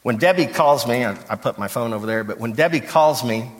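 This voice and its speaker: Energetic male pastor in an echoey hall. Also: mid-range voice, brisk. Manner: animated storytelling, rhetorical questions to the congregation. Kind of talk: conversational sermon. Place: church sanctuary.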